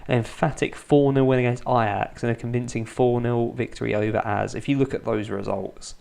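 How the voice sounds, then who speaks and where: A man's voice: mid-range voice, fairly even intonation, fairly quick, gravelly. A man in his thirties doing Let's Play commentary at home at night, keeping his voice down so his sleeping children stay asleep, with dry, self-mocking humour. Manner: restrained, kept quiet so as not to wake his children. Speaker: gaming YouTuber.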